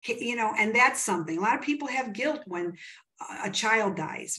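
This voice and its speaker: A woman's voice: fairly high pitch, expressive, brisk, pushed and bright. A woman from the United States, a psychic medium, retelling a client conversation with emphatic, quoted dialogue in an interview. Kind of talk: animated storytelling in an interview.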